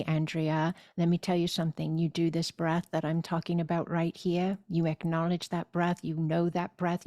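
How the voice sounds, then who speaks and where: A woman leading a spiritual course, speaking deliberately and soothingly with loud gasping inhales and repeated phrases. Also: on the low side, dry recording, clean studio sound. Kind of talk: slow guided spiritual teaching.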